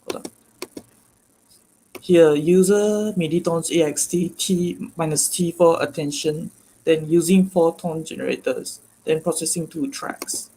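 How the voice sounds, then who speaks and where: A man's voice: on the high side, steady tone, mellow, slight background noise, poor audio. A man presenting a live online demonstration on a video call, explaining step by step and stopping often to correct himself. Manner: halting, self-correcting, step-by-step. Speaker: guest presenter.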